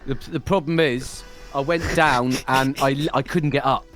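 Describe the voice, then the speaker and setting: A man's voice: medium pitch, steady tone, normal speed, fairly bright tone, faint music behind. A man chatting casually on a live stream, telling a story with frequent laughs. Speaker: streamer co-host. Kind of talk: casual chat.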